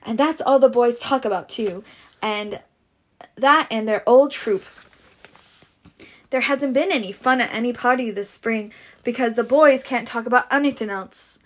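Woman reading a bored spoiled southern belle, highish voice, drawl barely there. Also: close to an everyday voice. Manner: read plainly with a half-tried drawl.

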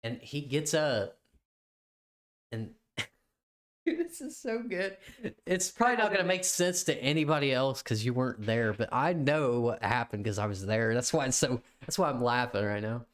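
With hardly a pause, a young man talks fairly quickly at medium pitch while co-hosting a casual podcast. His story rambles, he swears freely, and he laughs a lot.

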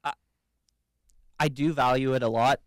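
A man's voice: medium pitch, fairly even intonation, normal speed, dry recording, clean studio sound. A man in his twenties chatting casually on a podcast, telling stories and acting out quotes. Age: 20s. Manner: storytelling, acts out quotes. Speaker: podcast co-host. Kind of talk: casual chat.

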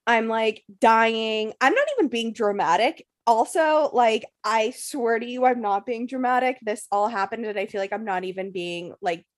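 A young woman with a slightly high voice rattles through a story in casual podcast chat. She swears constantly and packs "like" into nearly every phrase. She tells it as a run of breathless, jumbled clauses. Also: normal speed, hardly any pauses. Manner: profane, breathless storytelling full of "like" fillers.

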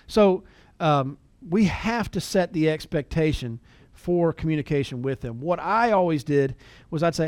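A middle-aged man coaches salespeople in a relaxed, anecdotal way, stumbling over repeated words and slipping into quick acted phone calls. His voice sits a bit high for a man. The sound is dry, with no room echo. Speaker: sales trainer. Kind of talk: conversational training talk with anecdotes.

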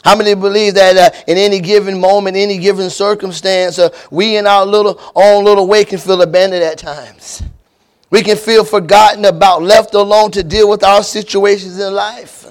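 High-voiced preaching man. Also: flat delivery, moderate pace. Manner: preaching with many fillers and call-and-response to the church; prays with repeated invocations. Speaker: pastor. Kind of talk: sermon.

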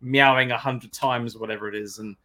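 A man's voice: medium pitch, fairly even intonation, fairly quick, sharp tone. A man co-hosting a casual chat about a game, rambling and reading out chat comments. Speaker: podcast co-host.

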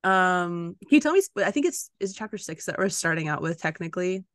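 A woman's voice: lowish voice, animated, a little fast, dry recording, clean studio sound. A woman co-hosting a podcast, chatting casually about a book, rambling and laughing often. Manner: giggly, rambling storyteller. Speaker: podcast co-host.

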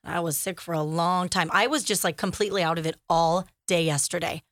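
A woman's voice: lowish voice, fairly even intonation, a little fast, a bit bright, dry recording. A woman co-hosting a radio show, chatting casually and laughing often in the studio. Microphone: studio microphone.

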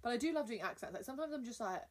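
A young woman hosting a podcast, chatting playfully and excitably. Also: fairly high pitch, rapid-fire. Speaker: podcast host. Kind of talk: casual chat.

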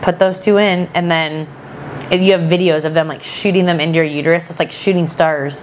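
Chatty woman with a lowish voice. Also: a little fast, a little hiss or hum. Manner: animated, chatty, quotes people often. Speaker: podcast guest. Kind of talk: casual storytelling chat.

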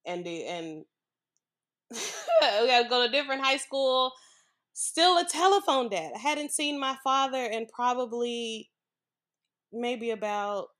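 A young woman from the US Midwest, speaking in a mid-range voice, guests on a podcast and tells a personal story. She's frank and informal, laughing her way through hard memories.

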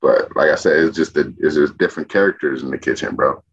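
Low husky-voiced man, casual chef talk. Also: fast talker. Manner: animated storytelling heavy with slang and profanity. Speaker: executive chef, podcast guest. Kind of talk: casual interview chat. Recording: dull lo-fi podcast audio.

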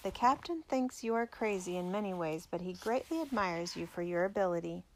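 A woman's voice: lowish voice, animated, a little fast, slight background noise, low-quality recording. A woman reading the lines of a blunt, friendly male sailor in a plain-spoken way.

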